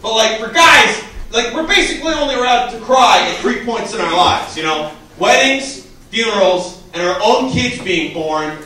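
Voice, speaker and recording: A man from Canada doing an animated stand-up comedy set on a club stage, building to shouts on the punchlines. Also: high-pitched, moderate pace. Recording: echoey club from a distance, crowd laughing.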